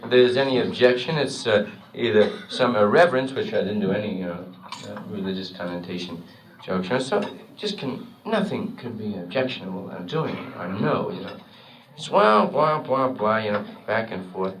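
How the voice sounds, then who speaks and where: A man's voice: lowish voice, lively intonation, normal speed. A male comedian in his thirties telling a stand-up story in a rambling, conversational way. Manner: rambling, conversational, peppered with "you know". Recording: distant, noisy old live recording.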